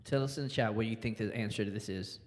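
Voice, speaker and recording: A man's voice: lowish voice, quick pace, in a large hall, noisy background. A man hosting a church youth live stream, joking with co-hosts and talking to the online chat. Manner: jokey, chatty, talks to the online chat. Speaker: youth ministry host. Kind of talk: casual live-stream banter. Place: church student venue.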